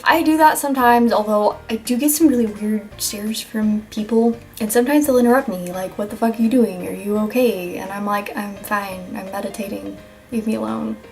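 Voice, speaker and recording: Young woman, casual vlog, rambling and jokey, casual swearing, fairly high voice, soft music behind. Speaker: vlogger. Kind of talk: casual self-help vlog.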